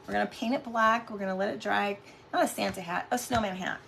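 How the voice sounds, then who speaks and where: Chatty craft host woman, gravelly edge. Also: medium pitch, fairly even intonation, quick pace, fairly bright tone, a little hiss or hum. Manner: chatty, greets viewers by name. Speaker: craft live-stream host. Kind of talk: casual live craft demo chat.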